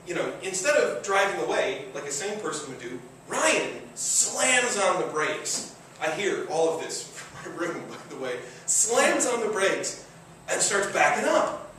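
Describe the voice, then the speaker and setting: A man from Michigan tells a true story on stage, casual and chuckling, with plenty of fillers. His voice sits a touch high for a man. It comes from some way off the mic and rings around a very echoey room. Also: sing-song, slow, fairly bright tone, recorded from a distance, slight background noise. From Michigan, USA. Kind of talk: live comedic storytelling.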